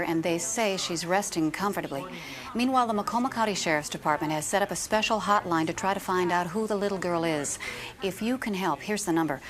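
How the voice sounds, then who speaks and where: An actress playing a low-voiced hospital reporter. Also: female voice, natural voice. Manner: calm, sober reporting. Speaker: field correspondent. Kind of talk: scripted TV news report.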